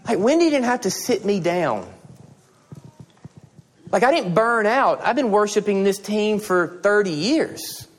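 A middle-aged male pastor delivering a sermon in a high, light voice. He tells stories with energy and acts out the conversations in them. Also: a little slow. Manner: animated storytelling, acting out dialogue.

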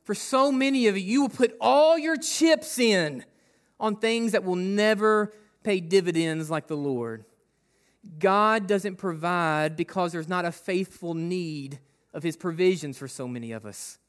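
High-voiced man preaching a sermon. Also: measured pace. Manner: conversational preaching with acted quotes and rhetorical questions. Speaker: pastor.

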